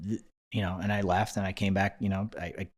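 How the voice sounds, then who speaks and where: A man in his thirties, a podcast guest telling a story in a casual, animated way and acting out the dialogue he quotes. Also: sits low, fast.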